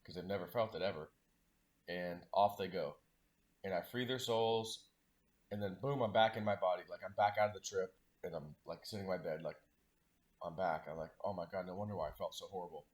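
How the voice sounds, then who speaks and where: A man's voice: low voice, normal speed. A man telling a long personal story in a loose, rambling way, full of "like" and "you know". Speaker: spiritual vlogger. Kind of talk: casual storytelling monologue.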